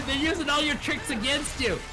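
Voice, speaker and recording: A man co-hosting a game stream, tossing in slow, joking, profane asides. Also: extremely high pitch, music in the background. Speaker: co-host watching the stream. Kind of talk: casual gaming banter.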